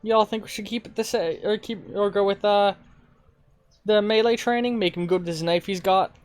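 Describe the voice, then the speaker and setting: A man's voice: high voice, steady tone, moderate pace, smooth, faint music behind. A man streaming a game live, chatting casually and informally, swearing now and then.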